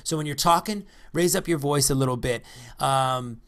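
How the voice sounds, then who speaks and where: A man's voice: mid-range voice, moderate pace, a bit bright. A man who is a real estate investor giving a casual, rambling talk on negotiation, full of fillers and restarts.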